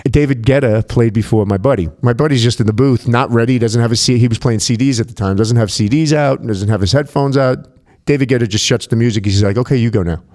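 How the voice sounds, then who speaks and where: Male club DJ, podcast guest: casual, swears a lot, animated storyteller. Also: mid-range voice, fast, few pauses. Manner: profane, animated anecdotes with quoted dialogue.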